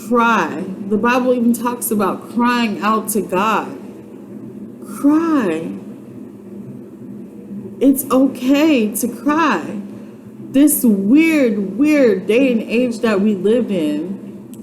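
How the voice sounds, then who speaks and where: A woman's voice: fairly high pitch, background noise. A woman in her twenties giving an earnest, faith-based motivational vlog, urging and repeating herself like a preacher. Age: 20s. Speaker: YouTube vlogger.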